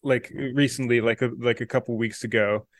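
A man's voice: mid-range voice, steady tone, no room sound, clean studio sound. Giggly man rambling in casual chat. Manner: rambling, halting, laughs often while telling stories. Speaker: podcast co-host.

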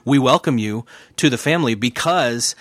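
Halting man hosting a podcast. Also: medium pitch, fairly bright tone, dry recording. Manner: halting, searching for words, repeats himself. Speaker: podcast host. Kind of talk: casual conversation.

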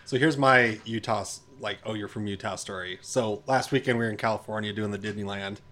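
A man in a casual chat, telling a travel anecdote in a relaxed, easygoing way. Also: on the low side, brisk. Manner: laid-back anecdotal storyteller. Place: lives in Utah.

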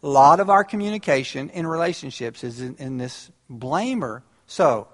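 A man addresses a large gathering in a conversational, animated way. His voice sits a little high and swings widely in pitch. He often restarts his phrases, and a long reverb trails behind him in the big hall. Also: normal speed. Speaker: speaker on relationships. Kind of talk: live talk to a large audience.

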